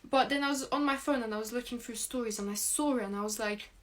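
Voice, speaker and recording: A woman's voice: a little high, quick pace. Chatty young woman telling a story. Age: young adult. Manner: chatty, rambling, heavy use of "like". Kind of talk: casual storytime.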